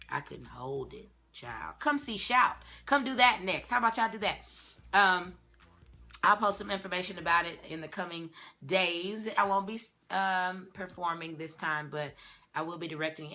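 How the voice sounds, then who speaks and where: A young woman with a Southern US accent, an actress and singer chatting casually to the camera in an animated way, dropping "y'all" and "child". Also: low-pitched, vocal fry.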